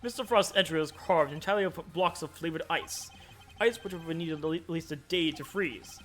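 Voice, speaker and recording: A man voicing a composed male prosecutor, reasoning through the case in a measured way while reading game dialogue aloud. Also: a little high, a bit bright, a little hiss or hum, natural voice.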